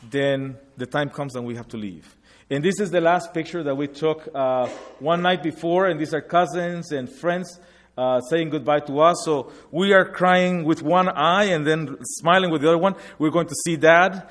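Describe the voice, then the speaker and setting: Man telling his story in a hall. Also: a little high. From Guatemala. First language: Spanish. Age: 40s. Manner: reflective, earnest storytelling. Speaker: speaker sharing his migration story. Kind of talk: personal testimony with slides. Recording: long hall reverb.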